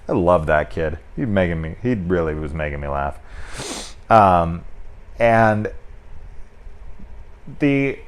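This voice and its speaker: A man giving a casual, rambling film review, loose and candid, swearing freely and leaning on filler words. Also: on the low side.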